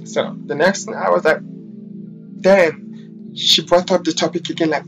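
A man's voice: high voice, steady tone, normal speed, fairly bright tone, faint music behind. A man telling a storytime vlog about work, sassy, dramatic and full of swearing. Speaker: vlogger, hairstylist.

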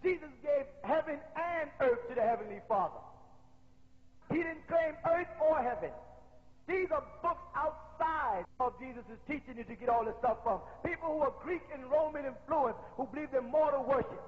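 High-voiced preacher, lo-fi hall recording. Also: male voice, expressive. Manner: rhetorical questions, quoting scripture with slow emphasis. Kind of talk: sermon. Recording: dull lo-fi tape in a reverberant hall.

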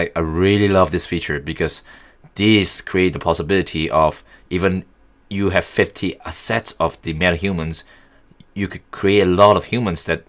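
A young man casually talking through a software tutorial, thinking aloud as he works. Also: low-pitched. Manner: easygoing, thinking aloud while working. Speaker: tutorial host.

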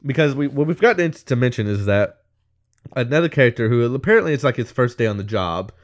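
A podcast co-host talks fast with lively, medium-pitched intonation as he casually recaps a movie scene by scene. He rambles, packing in "like" and "whatever," and laughs in the middle of sentences.

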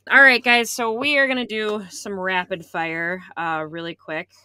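A woman co-hosting a podcast, upbeat as she leads a round of quick questions. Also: medium pitch, fairly even intonation, sharp tone, smooth, no echo, studio quality. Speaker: podcast co-host. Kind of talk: casual podcast interview.

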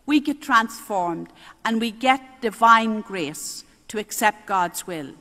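Nun telling lively stories. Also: female voice, medium pitch, takes it slowly. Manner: lively storyteller with a chuckle. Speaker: nun giving a spiritual talk. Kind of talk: storytelling talk on prayer. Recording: roomy hall reverb.

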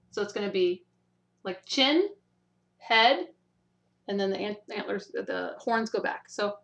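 A woman's voice: mid-range voice, a bit bright. A woman teaching signs in a video lesson, patient, demonstrating each one and often checking in with "okay?". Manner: demonstrates slowly, repeating each word. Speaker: sign language teacher.

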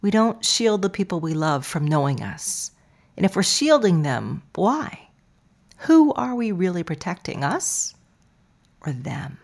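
A woman hosting a podcast, talking in a playful, expressive way and sometimes dropping to a soft near-whisper. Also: fairly low pitch, a little slow, gravelly. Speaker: podcast host. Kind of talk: podcast intro monologue.

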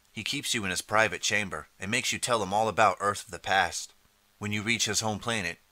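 A man reading an interactive audiobook in steady second person and calling out page choices. His voice sits low and comes across sharp and forceful. The recording is dry and close. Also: dry recording. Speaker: audiobook narrator. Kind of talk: scripted second-person narration.

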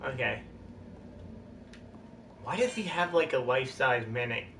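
A man giving casual, jokey commentary while live-streaming a game, with sudden excited outbursts. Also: mid-range voice, a little slow, creaky. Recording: roomy, distant mic, noisy.

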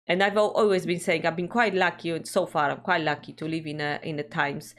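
A woman's voice: deep voice, fairly even intonation, a little fast. A middle-aged woman with a Polish accent, casually chatting as a reaction-video co-host, reflective and hesitant, often searching for words. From Poland. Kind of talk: casual chat.

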